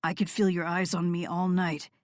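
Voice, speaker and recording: A commanding, seductive male rock star from an audiobook, voiced by a woman, speaks in a low murmur. He sounds dominant and unhurried. The recording is dry and close. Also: little pitch movement, dry recording, natural voice. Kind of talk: audiobook character voice.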